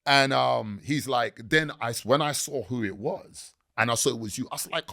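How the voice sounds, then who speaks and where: A man, a podcast guest telling stories in a lively, slangy way. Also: medium pitch, normal speed, gravelly. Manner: animated storytelling with slang. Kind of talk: casual podcast interview.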